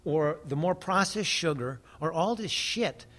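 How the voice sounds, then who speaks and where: A man's voice: fairly high pitch, expressive, a little slow, a bit bright. Earnest, profane American man. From United States. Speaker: guest. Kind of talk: casual conversation.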